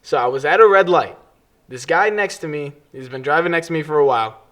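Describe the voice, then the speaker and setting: A young man co-hosting a podcast in casual chat, telling stories with lively energy and yelling when quoting others. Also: a little high, brisk. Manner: animated storytelling, yells when quoting others. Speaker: podcast co-host. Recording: clipping on loud moments.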